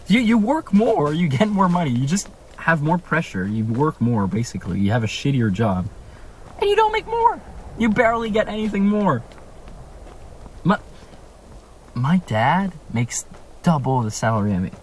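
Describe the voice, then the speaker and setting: A man's voice: fairly high pitch, big pitch swings, normal speed, a little hiss or hum. A young man from Canada, speaking in a casual vlog from a room at home, ranting with emphatic rhetorical questions. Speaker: vlogger.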